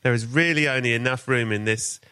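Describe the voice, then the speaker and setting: A man's voice: medium pitch, a little fast, pushed and bright, clear, resonant tone, dry recording. A man hosting a podcast interview, playfully spinning a gory comic scenario for his guest. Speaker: podcast host. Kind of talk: casual interview chat.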